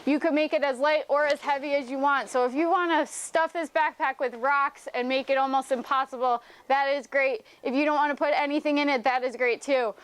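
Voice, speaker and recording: A young woman with a high-pitched voice teaches a home workout, speaking fairly quickly with few pauses and fairly even intonation. She explains each move step by step while demonstrating it, and at times she's out of breath.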